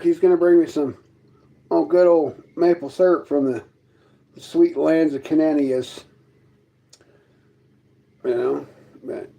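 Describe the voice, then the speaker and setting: A man's voice: on the high side, vocal fry, mellow, lo-fi sound. A man hosting a casual livestream from his trailer, mocking and arguing with his chat in a sarcastic, combative way. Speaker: livestream host chatting with viewers. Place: inside his fifth-wheel trailer.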